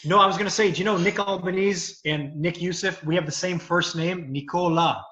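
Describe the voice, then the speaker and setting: A man's voice: high voice, fairly even intonation, brisk, fairly bright tone. A man, a comedian who is also a lawyer and actor, explaining his craft at length in a casual video chat. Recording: echoey, dull lo-fi video call.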